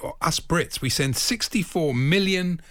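A man's voice: fairly high pitch, unhurried, bright, forceful tone, no room sound, studio quality. A man co-hosting a casual radio show, joking and laughing often with his co-host. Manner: jokey, laughs often, puts on voices.

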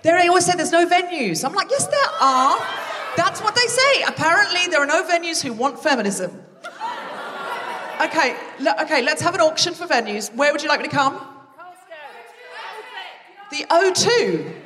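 Bantering and joking with the crowd, a comedy podcast host works a live audience from the stage of a large theatre. Her voice sits high and sounds expressive at a normal speed. It comes through a distant stage mic with big-room sound and the crowd audible behind her.

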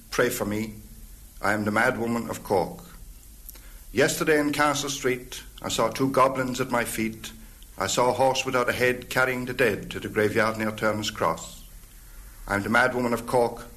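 A man's voice: mid-range voice, normal speed, a bit bright, lightly acted. A man voicing a lonely, haunted madwoman of the city in a solemn, chanting recitation. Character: mad old woman of the city, lonely, haunted.

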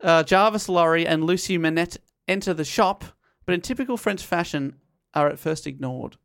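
A man hosting a podcast, retelling a classic novel in casual chat, self-deprecating and quick to laugh. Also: on the high side, gravelly, a bit bright, clean tone.

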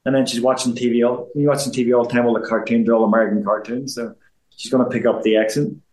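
A former boxer from Belfast, Northern Ireland, in his fifties, gives a casual interview as a guest, rambling with repeats and frequent restarts. His medium-pitched voice is flat, quick and darkish, on a reverberant, low-quality recording.

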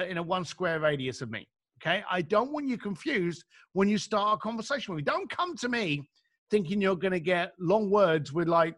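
A man's voice: high-pitched, fairly bright tone, dry recording, studio quality. A middle-aged man, an author guesting on a podcast, telling stories in a blunt, emphatic way and acting out the voices of people he quotes. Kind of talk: animated conversational storytelling.

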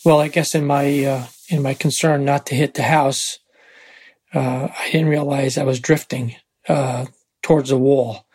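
An older man with a very husky voice, telling a personal story in a rambling, halting way with many fillers and restarts. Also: medium pitch, fairly even intonation, a little mellow. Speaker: interviewee.

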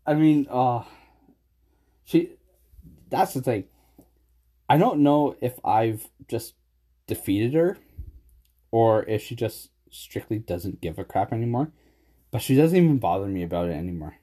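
A man chatting casually on a podcast, telling animated stories and laughing often. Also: medium pitch, a little slow, long pauses. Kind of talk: casual chat.

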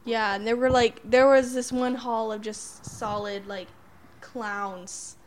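A young woman with a somewhat high voice, chatting with her family about a scary childhood memory. She talks in an animated way, full of "like" and laughter, over a faint background hiss. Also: slow pace. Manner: animated, fillers like "like", laughs often. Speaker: grown daughter recalling childhood. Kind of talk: casual family chat.

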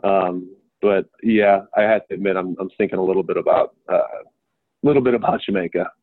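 A man's voice: sits low, animated, brisk, dry recording. Rambling young man on a tinny line. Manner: rambling, self-deprecating, many restarts and stammers. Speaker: podcast guest. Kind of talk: casual chat. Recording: tinny phone-like remote call line.

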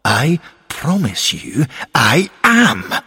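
A man voicing an earnest, excitable male ghost football manager in a storybook reading. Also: medium pitch, measured pace, slightly rough, big-room sound, pitched above the performer's own voice. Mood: insistent.

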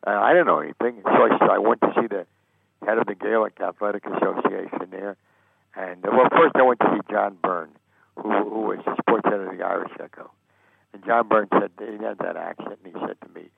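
An older American man, a sportswriter guest, telling lively anecdotes and acting out the people he quotes. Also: lowish voice, a little fast, gravelly, breathy edge, no echo. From United States. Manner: animated storyteller, acts out quoted voices. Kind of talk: anecdotal storytelling interview. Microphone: phone. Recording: tinny phone line.

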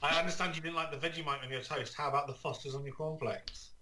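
A man's voice: on the high side, fairly even intonation, quick pace, bright, forceful tone, slight background noise, rough recording. A man, a regular on a podcast, trading teasing dry jokes in casual banter. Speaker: podcast co-host.

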